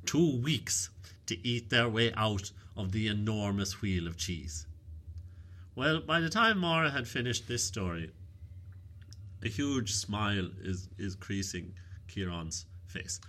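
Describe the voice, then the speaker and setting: Bright-voiced storyteller. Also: male voice, medium pitch, slow. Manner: lively, wry, animated telling. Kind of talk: oral folk storytelling.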